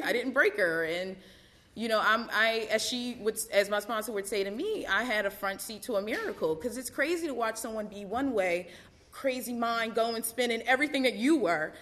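A woman's voice: fairly high pitch, a bit bright. A woman giving a candid personal testimony at a recovery meeting, chatty and full of fillers and laughter.

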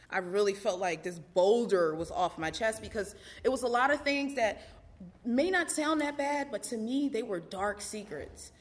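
Candid woman sharing her recovery story. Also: a little high. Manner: candid, conversational, lots of fillers and laughter. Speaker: recovery meeting speaker. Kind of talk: personal testimony.

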